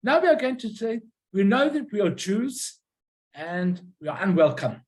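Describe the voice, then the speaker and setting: This is an informal illustrated talk about an old collection, delivered by a presenter at an ordinary, middle pitch. The speech is halting, full of restarts and on-the-spot corrections, as each item is shown and explained. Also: sing-song, a little mellow, rough recording. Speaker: presenter showing a collection of stamps and postcards.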